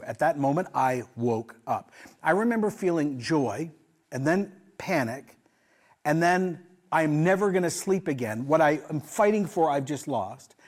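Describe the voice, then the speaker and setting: A man in his forties preaching a sermon, telling a personal story with humor and swinging between soft, quiet asides and loud, emphatic lines. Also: fairly high pitch. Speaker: pastor.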